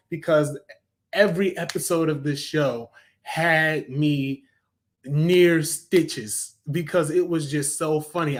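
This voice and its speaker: A young man with a slightly higher voice talks through a cartoon review in a loose, enthusiastic way. He fills his sentences with ums and often backs up to correct himself. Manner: chatty and enthusiastic, with frequent fillers and self-corrections. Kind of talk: casual spoken review.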